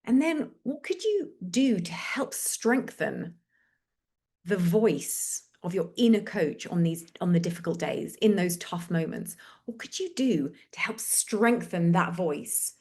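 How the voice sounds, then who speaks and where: A woman hosting a webinar, leading a slow, gentle guided reflection exercise over a video call with repeated prompts. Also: fairly low pitch.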